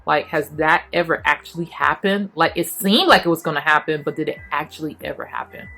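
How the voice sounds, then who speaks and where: Brief: woman in her 30s, heartfelt testimony vlog, lowish voice, faint music behind. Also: very animated. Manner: earnest, emotional, talks fast in bursts and then goes quiet. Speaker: faith vlogger. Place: home apartment while packing.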